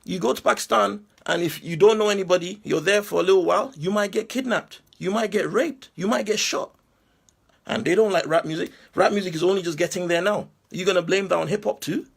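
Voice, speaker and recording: Heated British man, gravelly and high. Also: brisk. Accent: British English. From England. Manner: heated, rhetorical questions, repeats himself. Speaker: commentator responding to a critic. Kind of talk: impassioned monologue.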